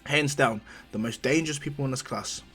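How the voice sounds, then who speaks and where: A man's voice: mid-range voice, a little fast, fairly bright tone, faint music behind, lightly acted. A man doing an encouraging teen boy hero. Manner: encouraging, explaining. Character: kind, confident teenage boy hero.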